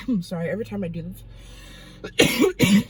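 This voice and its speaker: A woman's voice: mid-range voice, husky, rough recording. A woman vlogger telling a dream testimony in a rambling, dramatic way with many fillers. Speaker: Christian vlogger.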